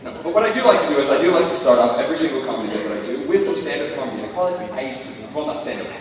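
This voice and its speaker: A young man doing a stand-up set at an open mic, deadpan and awkward, often laughing at his own jokes. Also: medium pitch, racing, crowd noise. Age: young adult. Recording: echoey hall, far from mic.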